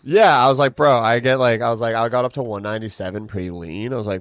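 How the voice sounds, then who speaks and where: A man's voice: mid-range voice, quick pace, no room sound, studio quality. A young man co-hosting a podcast, talking bluntly with plenty of swearing and acting out what people said. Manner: blunt, swears a lot, acts out quotes. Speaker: podcast co-host. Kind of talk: casual chat.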